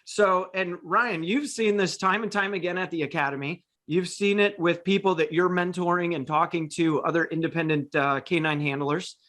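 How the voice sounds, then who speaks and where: A man's voice: sits high, steady tone, normal speed, hardly any pauses, fairly bright tone. A man hosting a casual talk show, telling long stories with frequent restarts and fillers. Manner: rambling with many restarts and fillers. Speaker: podcast host and dog trainer. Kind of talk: casual storytelling chat.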